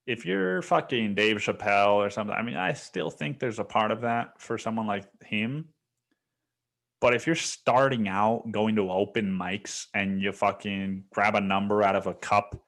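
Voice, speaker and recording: A man's voice: on the low side, fairly bright tone. A young man hosting his own podcast, talking in a rambling, casual monologue full of swearing and "dude.". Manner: rambling, swears a lot, says "dude" and "like" often. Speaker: podcast host.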